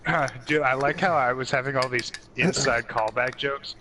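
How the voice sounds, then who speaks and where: A man's voice: medium pitch, normal speed, a loud crowd. A young man co-hosting a podcast in casual chat, jokey and profane, laughing as he talks. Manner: jokey, swears, laughs mid-sentence. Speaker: podcast co-host.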